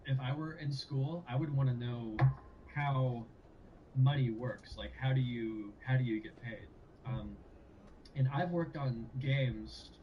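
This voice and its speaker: A man, a game composer, chatting in an interview in a relaxed way with many fillers. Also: mid-range voice, slow pace, far from the mic, highs cut off, slight background noise. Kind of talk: casual interview talk.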